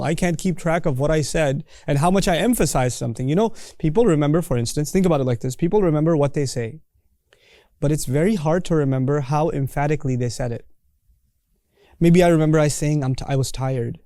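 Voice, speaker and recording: A man delivers an explanatory sermon in a slightly high, warm and mellow voice. He talks in an animated way and breaks ideas down step by step with everyday examples. The sound is dry and close, with no room echo. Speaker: Islamic speaker.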